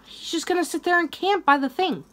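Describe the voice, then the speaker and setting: A young woman hosting a gaming channel, commenting on her own online match and quick to rage, swearing and yelling at other players. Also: very high-pitched, slight background noise. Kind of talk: live gameplay commentary.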